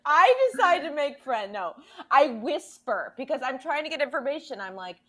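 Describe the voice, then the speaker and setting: A woman's voice: high voice, big pitch swings, moderate pace, a bit bright. A woman playing in a casual tabletop role-play, with a playful, giggly manner. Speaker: player.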